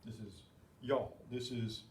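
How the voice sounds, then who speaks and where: A man teaching a Spanish grammar lesson, explaining step by step and clearing his throat often. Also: medium pitch, steady tone, slow, a little mellow, recorded from a distance. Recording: echoey room with faint background hum.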